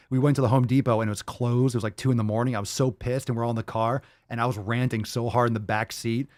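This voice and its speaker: A man's voice: mid-range voice, steady tone, fast talker, hardly any pauses, dry recording. A man hosting a casual livestream, answering viewer questions and telling rambling, profane stories.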